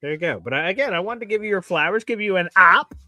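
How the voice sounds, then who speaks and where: A man hosting a casual sports talk show, animated and jokey. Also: high voice, fast talker, no echo. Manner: animated, jokey, mimics fans. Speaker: podcast host.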